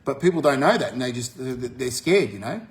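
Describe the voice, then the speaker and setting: An Australian man talking bluntly to his viewers, swearing often and jumping up in pitch when he gets fired up. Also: lively intonation, a little fast. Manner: forceful, swears freely, rises sharply when fired up. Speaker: vlogger. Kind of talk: blunt monologue to camera.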